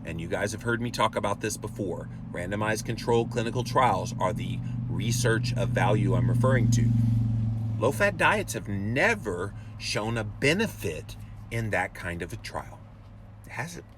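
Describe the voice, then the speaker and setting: A man's voice: fairly low pitch, big pitch swings, moderate pace, noisy background. A man hosting a live rant show, reading out viewer comments and urging listeners emphatically. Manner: emphatic, preachy, talks straight to viewers. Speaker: podcast host.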